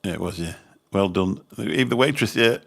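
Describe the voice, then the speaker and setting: Birmingham man, livestream host, husky deep voice, meandering casual chat. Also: brisk. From Birmingham, England. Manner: rambling, chatty, mild swearing. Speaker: channel host chatting with viewers.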